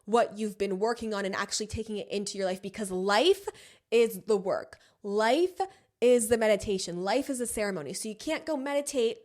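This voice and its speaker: A woman's voice: mid-range voice, brisk, darkish tone. A woman podcast host and self-help coach giving a casual motivational monologue, blunt and freely swearing, with frequent laughs.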